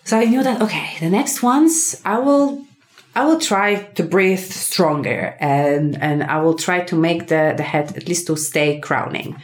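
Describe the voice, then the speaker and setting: A woman, a podcast guest telling a personal story in a casual, animated way, full of fillers and acted-out dialogue. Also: on the low side, measured pace. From Poland. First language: Polish. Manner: animated, acts out quoted dialogue, many fillers.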